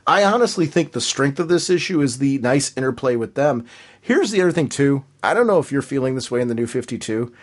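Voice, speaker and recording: Man, podcast co-host, husky, swooping animated delivery, emphatic and keen. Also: medium pitch, brisk. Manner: emphatic, enthusiastic, repeats points. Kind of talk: casual podcast chat.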